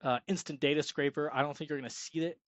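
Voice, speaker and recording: A man's voice: steady tone, fast, fairly bright tone, no echo, lo-fi sound. Upbeat young man coaching sales. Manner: upbeat, salesy, acts out sample pitch calls. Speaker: freelance web design coach. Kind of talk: casual screen-share tutorial. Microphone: screen-recording mic.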